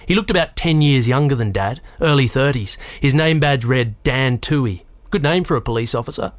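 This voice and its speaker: A man reading a children's novel aloud in a measured, even storytelling manner. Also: mid-range voice, no echo. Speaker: narrator. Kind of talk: audiobook narration.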